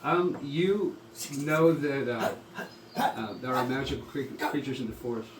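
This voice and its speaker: A man running a tabletop game, with relaxed narration full of small pauses. He sounds far from the mic in an echoey room, with steady loud noise behind him. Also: mid-range voice. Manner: relaxed, halting narration with frequent ums. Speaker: game master.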